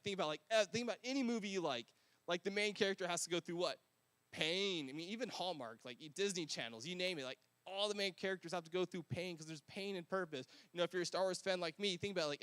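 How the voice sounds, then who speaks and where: High-voiced casual male preacher. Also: fairly bright tone, clear, resonant tone, dry recording. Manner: casual, conversational, slangy. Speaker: pastor. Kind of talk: sermon.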